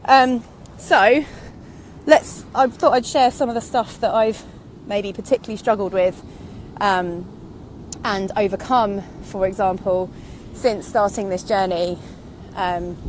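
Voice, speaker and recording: An online business vlogger, a woman in her thirties, delivers a casual, reflective monologue, candidly rambling from one thought to another and veering into tangents. Her voice is medium in pitch. She's slightly out of breath from walking outdoors, and faint traffic noise can be heard behind her.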